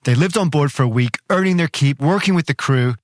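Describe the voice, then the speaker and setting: Expressive male host, dry studio voice. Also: a little high, brisk, dry recording. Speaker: podcast host. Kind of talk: scripted narration.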